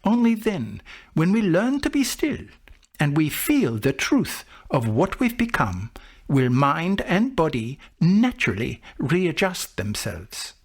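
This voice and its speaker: Man doing a calm male monk teacher, higher voice, lively lilt, gently questioning, measured audiobook reading. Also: exaggerated voice. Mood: calmly teaching.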